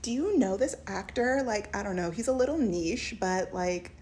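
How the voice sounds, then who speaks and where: A woman's voice: medium pitch, expressive, moderate pace, a little mellow, slight background noise, close to an everyday voice. A woman voicing a gushing, over-sympathetic young woman who gasps and coos in breathless sympathy.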